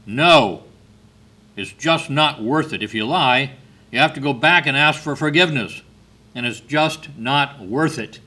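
A man's voice: lowish voice, big pitch swings, unhurried, bright, forceful tone, heavily acted. A man voicing a firm, emphatic eleven-year-old older brother in a sermon story.

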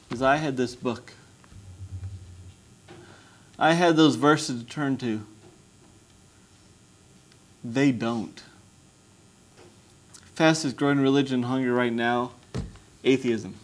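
Male preacher, young adult, mid-pitched, testimony sermon, pleading intensity. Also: steady tone, takes it slowly, long pauses. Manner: impassioned, rising to loud pleading. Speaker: missionary preacher.

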